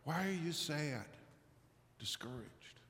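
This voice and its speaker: A man's voice: on the high side, lively intonation, slow pace, fairly bright tone, slight background noise. A man preaching a sermon, reflective and questioning, with a touch of humor. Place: large echoey church. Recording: roomy hall reverb, somewhat distant.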